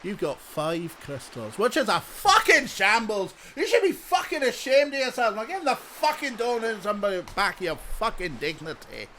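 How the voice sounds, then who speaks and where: A man putting on a Scottish accent to play a furious, foul-mouthed male spin doctor who shouts insults. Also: high-pitched, lively intonation, a little slow, a little hiss or hum, voice pushed up, heavily acted. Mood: ranting. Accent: Scottish, put on.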